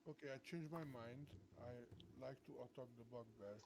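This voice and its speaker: A man's voice: mid-range voice, moderate pace, darkish tone. A man playing in a tabletop role-playing game, talking hesitantly and apologizing as he checks his rolls. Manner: hesitant, repeats words and apologizes. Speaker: player. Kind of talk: casual tabletop game chat.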